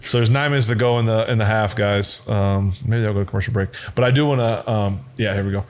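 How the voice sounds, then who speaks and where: A man's voice: lowish voice, quick pace. Laughing storytelling man hosting a chat. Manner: animated, laughing, mimics coaches' voices in stories. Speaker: podcast host.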